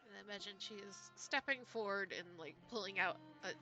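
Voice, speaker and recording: A woman's voice: mid-range voice, brisk, pushed and bright, highs cut off, soft background music. A woman playing a tabletop game, chatting casually and swearing freely. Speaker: player.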